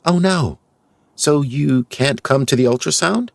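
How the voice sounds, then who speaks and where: A man doing a soft, high young woman. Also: measured pace, gravelly, no room sound. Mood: eager. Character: young expectant woman, gentle and eager. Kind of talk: storybook voice acting.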